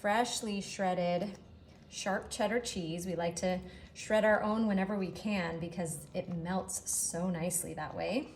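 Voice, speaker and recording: A woman's voice: fairly low pitch, measured pace, a little mellow, slight background noise. A woman hosting a casual cooking demonstration in her home kitchen, chatty and enthusiastic as she talks to her partner off camera. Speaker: cooking show host.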